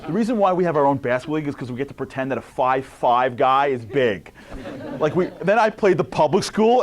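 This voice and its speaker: Animated New man giving a talk. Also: medium pitch, brisk. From New York. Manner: animated, swings between loud outbursts and hushed near-whispers. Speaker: motivational speaker. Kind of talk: comic inspirational talk.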